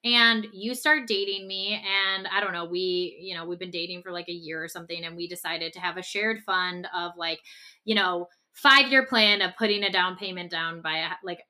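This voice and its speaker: A woman's voice: on the low side, sharp tone. A woman co-hosting a relationship podcast, talking through a hypothetical scenario and often checking in with "okay?" and "right?". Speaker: podcast co-host.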